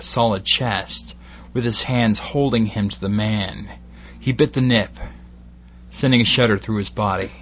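A man reading an erotic bedtime story as slow, deliberate scripted narration. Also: on the low side, a little hiss or hum.

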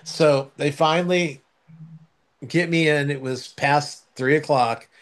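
A man's voice: a little high, takes it slowly. An older man chatting casually as a co-host, telling a long anecdote with many restarts and fillers. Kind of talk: casual chat.

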